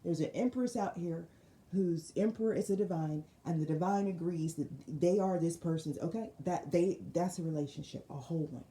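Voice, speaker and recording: Woman doing a tarot reading, mellow low voice, chatty and slangy, echoey room. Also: moderate pace. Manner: animated storytelling, slangy, repeats phrases. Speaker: tarot reader. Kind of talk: casual spiritual tarot reading.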